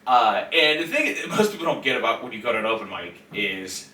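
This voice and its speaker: A man, a comedian guest on a podcast, telling a story in an animated, restless way with quick restarts. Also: mid-range voice.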